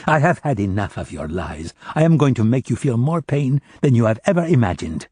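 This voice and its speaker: A man's voice: medium pitch, big pitch swings, brisk, darkish tone, breathy edge, no echo, studio quality. A man voicing a cruel, mocking militant leader who makes cold threats, in an audiobook reading. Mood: menacing. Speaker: captor.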